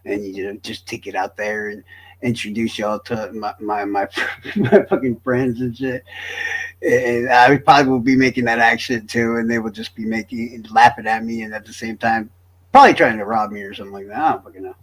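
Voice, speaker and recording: A man's voice: mid-range voice, a little fast, fairly bright tone. A young man from Florida, rambling through crude, joking commentary as a streamer.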